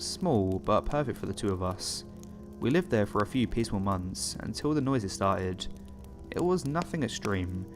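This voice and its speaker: A man narrating a first-person horror story in a measured, somber scripted read. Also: on the low side, slight background noise. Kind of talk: scripted narration of reader-submitted horror stories.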